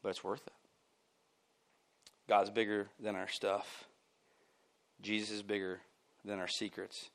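A man preaching a sermon at a church service, emphatic and casual, jumping from loud bursts down to near-quiet lines and dropping in chuckling asides. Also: fairly low pitch, level tone, measured pace, gravelly, long pauses. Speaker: pastor.

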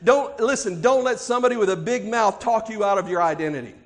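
A male pastor preaching with a high voice. He drives his points home with emphatic, repeated phrases that build toward each line's close. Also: fast talker. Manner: emphatic, repetitive preaching cadence. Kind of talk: sermon.

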